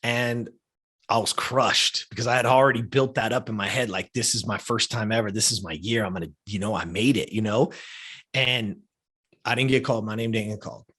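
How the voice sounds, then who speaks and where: A man's voice: lowish voice, fairly quick, a bit bright, husky. A man of fifty, a podcast guest, telling a personal story in a heartfelt, casual way, often checking in with "right?" and "you know?". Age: 50s.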